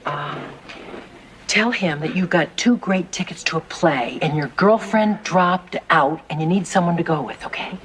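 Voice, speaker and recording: A woman's voice: on the low side, a little slow, a little hiss or hum, lightly acted. An actress playing a bubbly woman who coaxes a friend with eager dating advice in a sitcom. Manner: eager, coaxing. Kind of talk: sitcom acting.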